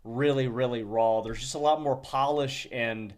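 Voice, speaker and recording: Relaxed man chatting with many fillers. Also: mid-range voice, normal speed. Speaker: podcast co-host. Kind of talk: casual chat.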